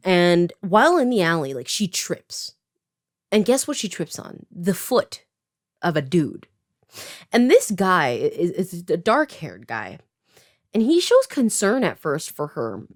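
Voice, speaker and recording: A woman's voice: lowish voice, very animated, slow, dry recording, clean studio sound. A woman in her twenties from Canada, giving a casual plot recap with sarcastic asides and a lot of "like" fillers. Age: 20s. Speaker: writer and video creator.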